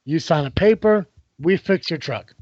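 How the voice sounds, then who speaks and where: Guy with a kinda high voice telling a story on a podcast, swears a lot, does everybody's lines, dull dry audio. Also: moderate pace, no echo. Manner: profane, animated storytelling, acts out other people's lines. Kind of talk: casual podcast chat.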